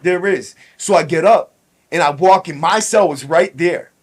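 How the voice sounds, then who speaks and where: A podcast host telling a personal story in casual, blunt, profane street talk. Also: male voice, a little high, normal speed.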